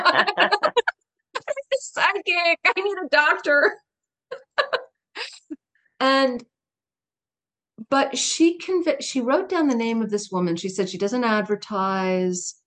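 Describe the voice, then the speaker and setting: A middle-aged woman speaking as a guest in an interview, telling a personal story in a candid, emphatic way with laughs and asides. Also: medium pitch.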